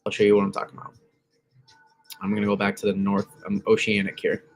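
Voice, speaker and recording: This weather channel host speaks fast in a fairly low monotone. His casual livestream analysis rambles across model maps, with frequent self-corrections and reactions to the chat.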